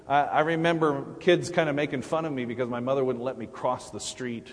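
A middle-aged man speaks from the pulpit of a church, his mid-pitched voice trailing into a long, ringing hall reverb. He talks in halting, searching phrases full of restarts and small fillers. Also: fairly even intonation. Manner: halting, many restarts and fillers, warm laughs. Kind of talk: Mother's Day sermon. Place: church sanctuary.

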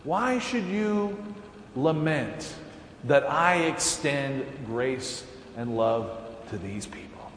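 A man voicing God as patient, asking calm and probing rhetorical questions. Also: extremely high pitch, moderate pace, a little hiss or hum, pitched above the performer's own voice. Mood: questioning. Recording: echoey sanctuary with long reverb.

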